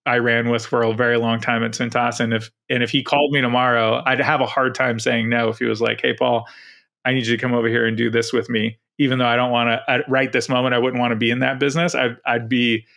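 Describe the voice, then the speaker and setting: A middle-aged man in easy podcast conversation, his voice gravelly with fry. He speaks in a flat, even tone and circles back over his words as he thinks aloud. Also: mid-range voice, quick pace. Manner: rambling, many restarts. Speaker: podcast co-host. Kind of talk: casual podcast chat.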